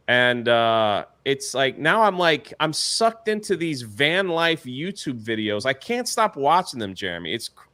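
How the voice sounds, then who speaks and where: A man's voice: medium pitch, a bit bright. A man co-hosting a casual chat show, rambling loosely, trailing off and laughing as he talks. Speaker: co-host.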